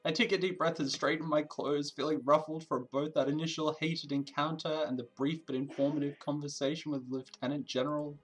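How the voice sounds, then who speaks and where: A man's voice: fairly high pitch, a little fast, few pauses, slightly rough, faint music behind. Man reading a game aloud. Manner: even narration with asides. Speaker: streamer playing a visual novel.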